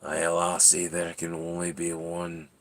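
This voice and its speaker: A man's voice: deep voice, completely flat delivery, unhurried, fairly bright tone, pitched below the performer's own voice. A man voicing a proud, territorial male house cat with a mock Scottish accent, talking in a stiff mock-formal way. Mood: menacing.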